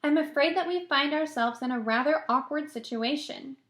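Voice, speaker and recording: A woman's voice: high voice, normal speed, voice pushed up. Woman doing a kindly old grasshopper. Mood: encouraging. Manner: encouraging, gentle. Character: cheerful old male grasshopper, fatherly leader.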